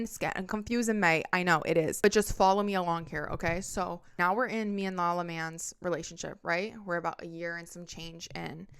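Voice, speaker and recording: Smooth-voiced young woman telling a candid story. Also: fairly low pitch, a bit bright. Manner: candid, swears freely, dramatic retelling. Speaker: podcast host. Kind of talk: casual storytime.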